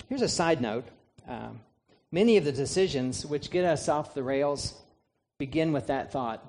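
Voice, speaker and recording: A man's voice: a little high, expressive, moderate pace, a little mellow. A man preaching a sermon, emphatic, asking the listeners rhetorical questions and answering them himself. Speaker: pastor.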